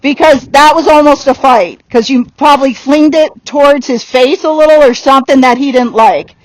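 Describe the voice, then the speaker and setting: High-voiced woman coaching a riding lesson. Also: no echo, poor audio. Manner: direct coaching with quick laughs. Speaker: horse trainer.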